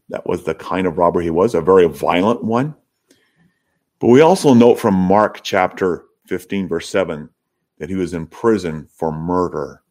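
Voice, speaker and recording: Slow, low-voiced preaching man. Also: a little mellow. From Canada. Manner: earnest preaching, voices quoted crowds with rising pitch. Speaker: pastor. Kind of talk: sermon.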